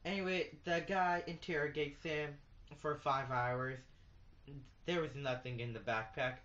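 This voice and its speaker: A teenage boy performing a stand-up comedy routine with a boastful, deadpan delivery and slangy asides, recorded on a phone. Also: a little high, a little slow, highs cut off. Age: late teens. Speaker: student comic. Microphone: phone camera in the audience.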